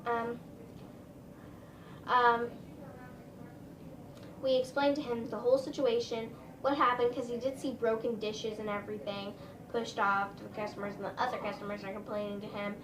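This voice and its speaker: A woman's voice: on the high side, little pitch movement, moderate pace, pauses often, distant mic. A woman telling a story in a casual, rambling way, full of "like" and "um". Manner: chatty, rambling, lots of "like" and "um". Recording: roomy, a little off-mic, faint room noise.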